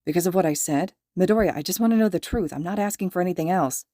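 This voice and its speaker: A woman's voice: lowish voice, fast, dark tone, dry recording, studio quality, lightly acted. Woman voicing a blunt, frustrated young man. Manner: blunt and pressing. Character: frustrated, insistent young man demanding answers.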